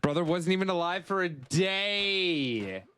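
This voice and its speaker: A man streaming a game live, reacting excitably and muttering the same phrases over and over as things go wrong. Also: a little slow, clear, resonant tone. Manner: excitable, yelps up high when things go wrong; repeats phrases, mutters to himself. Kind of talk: live gameplay commentary.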